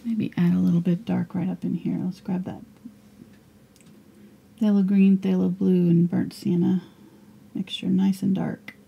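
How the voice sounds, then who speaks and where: A woman teaching a live painting lesson, her voice hoarse and fading as she talks quietly through each brushstroke. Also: on the low side, level tone, unhurried, pauses often, muffled recording. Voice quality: husky, gravelly. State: losing her voice. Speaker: painting instructor.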